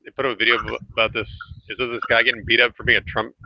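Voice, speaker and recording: A man hosting a casual online group chat, talking hesitantly with many filler pauses over a home computer mic. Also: medium pitch, flat delivery, creaky, no echo. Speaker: host. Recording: dry, muffled lo-fi audio.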